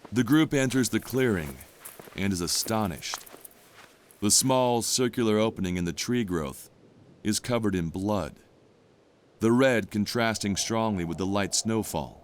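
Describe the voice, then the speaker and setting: A man reads the narration of an audio drama in a measured, descriptive way. His voice sits very low. A faint noise runs underneath it. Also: expressive.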